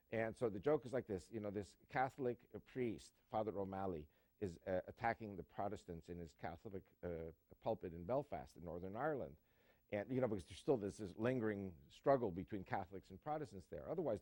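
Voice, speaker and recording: A man's voice: on the low side, darkish tone, no echo. Emphatic man telling jokes as a guest. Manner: emphatic, storytelling with jokes, many fillers. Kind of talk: interview answer.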